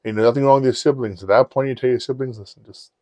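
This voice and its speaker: A man on a podcast telling personal stories in a candid, profane, animated way. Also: medium pitch, rapid-fire, dry recording. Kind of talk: casual storytelling chat.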